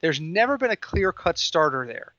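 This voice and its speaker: A man co-hosting a football podcast, chatting casually and telling stories in an animated, excitable way. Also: a little high, normal speed, no room sound, muffled recording. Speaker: podcast co-host. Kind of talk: casual sports chat.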